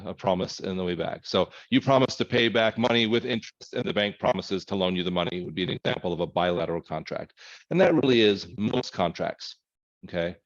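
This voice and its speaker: A man's voice: low voice, muffled recording. A man teaching a recorded college lecture in a conversational way, thinking aloud with fillers and correcting himself as he goes. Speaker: instructor.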